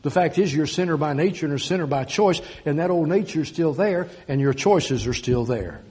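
A man preaching a sermon, declaiming scripture slowly and swinging from loud emphasis to quiet intensity. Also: on the high side, expressive.

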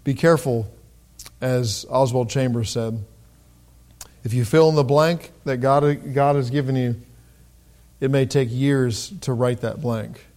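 A middle-aged man preaching a sermon in a conversational way, with pauses and restarts, who raises his voice when he reads scripture. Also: medium pitch, steady tone, darkish tone. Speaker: pastor.

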